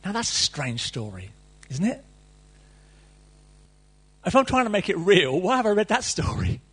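A middle-aged man delivers a sermon in a slightly husky, higher-pitched voice. His intonation swings widely as he moves from reading scripture to animated, joking commentary. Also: normal speed. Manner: reads scripture then riffs animatedly, playful asides. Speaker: preacher.

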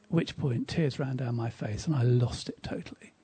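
A man preaching at a church service, telling a story with emphasis and dropping to a hushed tone at quiet moments. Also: medium pitch, moderate pace, slight background noise. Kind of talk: sermon with storytelling.

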